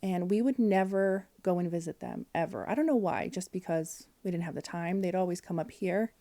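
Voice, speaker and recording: Mellow-voiced woman telling a family story. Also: fairly low pitch, a little fast. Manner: candid, emotional, with frequent fillers and quoted dialogue. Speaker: podcast guest. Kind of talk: personal storytelling in conversation.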